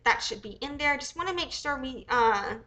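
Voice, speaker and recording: A woman's voice: high-pitched, lively intonation, normal speed, background noise. A young American woman hosting a casual livestream, a bit sick, rambling and swearing as she thinks aloud. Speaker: livestream host.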